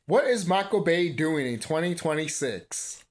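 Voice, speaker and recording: A man's voice: fairly high pitch, lively intonation, measured pace. A man in his thirties ranting casually as a movie commentary vlogger, profane and rambling, breaking into bursts of laughter. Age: 30s. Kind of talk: casual rant.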